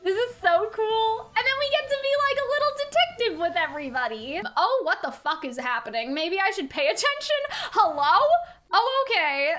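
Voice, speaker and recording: High bright young woman squealing over a game, bouncy voice, soft music behind. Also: fairly quick. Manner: excitable, gushing, giggly, swears casually. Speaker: let's play streamer. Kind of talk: game reaction commentary.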